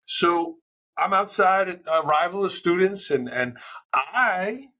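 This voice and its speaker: A middle-aged man from New York, a school leader telling stories as a podcast guest in a loud, passionate way. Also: high voice, animated, slow pace. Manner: passionate, loud storyteller who acts out quotes. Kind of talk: casual interview talk.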